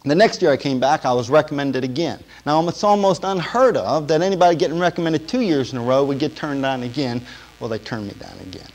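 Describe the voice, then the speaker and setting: Fields: Sex: man. Style: sermon testimony. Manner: storytelling, quiet to fervent. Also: on the high side, expressive, fairly quick, rough recording. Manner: storytelling, asks the audience questions; swings from quiet to loud and emotional. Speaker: preacher.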